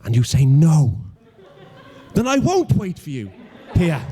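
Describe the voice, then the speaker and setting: A man's voice: high voice, wildly swooping pitch, moderate pace, dark tone, husky. A young man in his twenties with a Welsh accent doing a stand-up routine, self-deprecating and mock-logical, with stammering restarts. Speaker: stand-up comedian.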